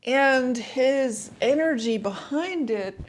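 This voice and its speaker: A woman's voice: high voice, expressive, slow. Woman coach chatting in a reflective vlog. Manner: conversational, storytelling with frequent "like" and "you know". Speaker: life coach. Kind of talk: casual reflective vlog talk.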